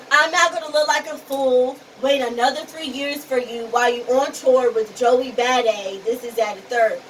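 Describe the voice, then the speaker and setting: A woman giving a casual recap of a TV episode, animated and talking straight to the characters. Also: high voice, far from the mic, a little hiss or hum, rough recording. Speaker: TV show reviewer.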